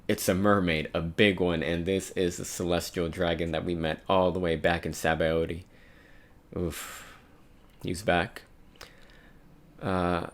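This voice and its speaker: A man's voice: sits low, fairly even intonation, a little slow, vocal fry. A man casually reading a comic aloud and musing over it, with light voices for the quotes. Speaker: manga reader and commentator. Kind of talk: casual read-along commentary.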